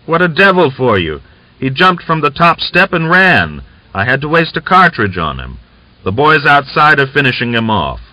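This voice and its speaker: A man's voice: lowish voice, big pitch swings, fairly quick, hardly any pauses, bright, forceful tone, no room sound, pitched above the performer's own voice, heavily acted. A man voicing a cold, bold male Cossack executioner who speaks with mocking bluntness. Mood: excited. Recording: dull lo-fi audiobook recording.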